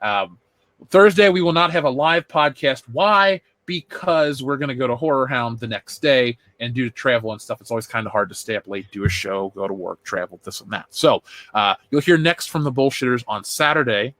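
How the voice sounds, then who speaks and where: A man's voice: medium pitch, brisk, fairly bright tone, dry recording. A man hosting a pop culture podcast in loose, joking chat, swearing freely. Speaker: podcast host. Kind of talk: casual chat.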